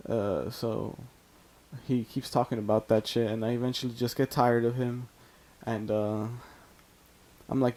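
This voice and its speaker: A man's voice: mid-range voice, fairly even intonation, a little slow, darkish tone. A man from California casually telling a story over gameplay, rambling with lots of fillers and swearing. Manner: rambling and profane, heavy use of "like". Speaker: storytime YouTuber.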